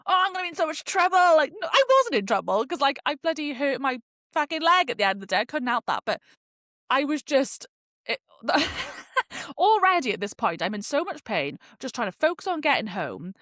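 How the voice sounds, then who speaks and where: A woman's voice: high-pitched, moderate pace, no echo. Chatty young British woman, dry sound. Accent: British English. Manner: chatty and animated, full of fillers and swearing. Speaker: podcast host. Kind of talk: casual storytelling.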